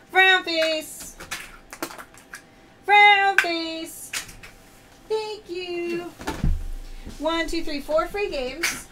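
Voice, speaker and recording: A bright, high-pitched woman hosts a live pearl-selling stream, calling out prizes and pearl colors with upbeat cheer. She speaks at an unhurried pace, and faint noise sits under her voice.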